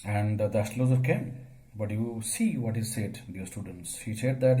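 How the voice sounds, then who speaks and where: A man, teaching a story as a lecture. He asks questions and answers them himself, using many fillers, and his voice gets suddenly louder at times. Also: lowish voice, normal speed, low-quality recording.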